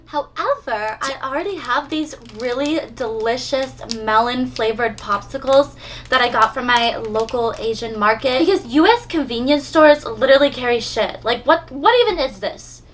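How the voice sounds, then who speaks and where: A woman's voice: a little high, normal speed, slight background noise. A young woman chatting through an unboxing video, bubbly and gushing, with frequent gasps and giggles. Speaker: unboxing vlogger. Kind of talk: casual unboxing chat.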